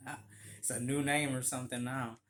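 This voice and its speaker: A man telling stories of his old barista job in a casual, animated vlog, acting out the voices of people he quotes. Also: medium pitch, brisk, a little hiss or hum. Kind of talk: casual storytelling.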